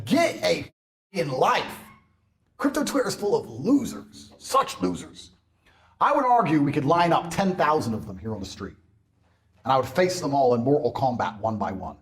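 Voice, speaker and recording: A man ranting on a podcast in a boastful, mocking way, mimicking people in loud bursts. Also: medium pitch, sing-song, brisk. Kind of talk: animated podcast rant.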